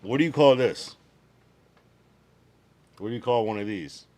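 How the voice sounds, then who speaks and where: An American man livestreams, reading viewers' messages aloud and reacting with loose, slangy, profane chatter. His mid-range voice is unhurried and dark in tone.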